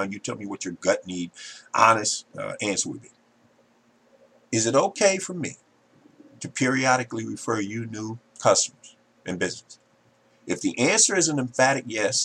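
A man hosting a marketing podcast, talking straight to listeners in an emphatic, salesy way and often addressing them as ladies and gentlemen. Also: mid-range voice, creaky, slightly rough. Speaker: podcast host.

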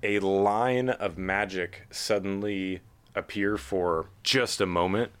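A man acting as game master, narrating a tabletop game in a lively, chatty way. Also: low voice, slow pace, clean tone.

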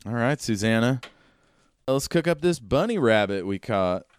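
A man voicing an eager, friendly young male gunslinger in a tabletop game, with a raised pitch and fast talk. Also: animated, smooth, no echo, close to an everyday voice. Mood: easygoing.

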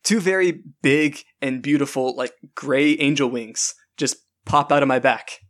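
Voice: mid-range voice, a little slow, fairly bright tone. A player in a tabletop game, chatting and giggling while describing their character's actions. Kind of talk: casual tabletop role-play.

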